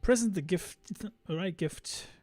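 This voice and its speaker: A man's voice: high voice, a little slow, darkish tone, dry recording. A man voicing a haughty noble lady collector from a game, speaking with imperious disdain. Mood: vain.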